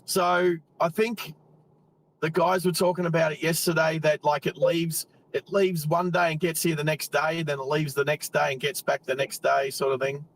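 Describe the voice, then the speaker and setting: A man's voice: on the high side, level tone, moderate pace, vocal fry, rough recording. Chatty Australian man driving on a live stream. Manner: chatty, rambling, greets viewers by name. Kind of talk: casual live-stream chat. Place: in a car while driving.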